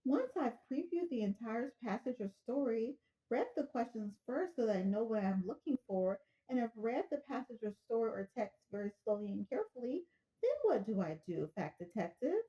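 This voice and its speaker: A woman's voice: a little high, big pitch swings, normal speed, mellow, poor audio. A woman voicing a panicking female caller who stammers and wails between sobs and nervous giggles. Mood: flustered. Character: hysterical panicking woman caller, sobbing and laughing.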